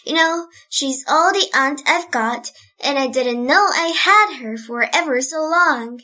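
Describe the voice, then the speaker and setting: A woman's voice: high-pitched, unhurried, bright, forceful tone. A woman reading an audiobook, voicing a cheerful, chatty orphan girl who talks eagerly. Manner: eager, chatty, wide-eyed. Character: earnest cheerful orphan girl, about eleven.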